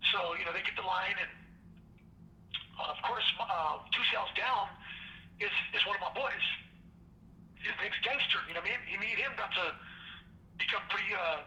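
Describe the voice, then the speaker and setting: A man with a raised, very bright and gravelly voice tells a long story from prison in a loose, rambling way. The call is distant, echoey and faint with line noise. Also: sits high. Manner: rambling, full of "you know". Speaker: former prisoner telling his story. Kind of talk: casual storytelling.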